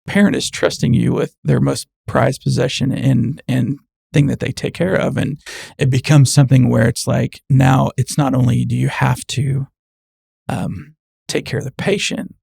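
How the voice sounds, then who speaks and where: A man's voice: medium pitch, a little slow, vocal fry, darkish tone, husky, dry recording, studio quality. A man who works in medicine, speaking as a guest in an earnest, casual conversation and explaining things plainly.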